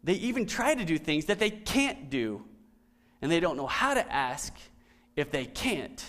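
A middle-aged man preaching a conversational sermon, often dropping to soft, emphatic lines. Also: a little high, sing-song, measured pace. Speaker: pastor.

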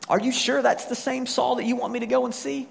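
A man's voice: extremely high pitch, fairly even intonation, fairly quick, creaky, pitched above the performer's own voice, heavily acted. A man voicing a nervous, wary male disciple who stammers out his protest, in a reverberant hall. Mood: worried protest.

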